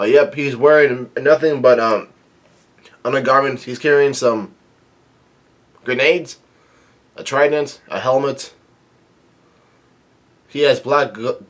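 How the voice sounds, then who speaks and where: A man reads a comic chapter aloud and drops casual comments between panels. He stumbles and restarts often, with plenty of fillers, in an ordinary middle pitch. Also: fairly bright tone. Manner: halting, many fillers and restarts.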